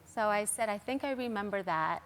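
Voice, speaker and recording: A woman's voice: medium pitch, animated, fairly quick, a bit bright, slight background noise. A middle-aged woman, a guest on a TV talk show, earnestly recounting a personal story and quoting what others said. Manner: earnest, recounting events with quoted dialogue.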